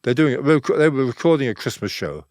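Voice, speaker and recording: An older man, a photographer guesting on an interview, telling stories in a relaxed, rambling way and acting out the dialogue he quotes. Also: medium pitch, fast, dry recording, studio quality. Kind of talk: relaxed anecdotal storytelling.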